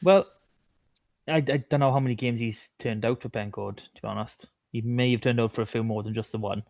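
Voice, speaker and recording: A man's voice: medium pitch, steady tone, brisk, creaky, a little mellow, dry recording. Man, jokey co-host banter, dry close recording. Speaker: podcast co-host. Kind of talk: casual sports chat.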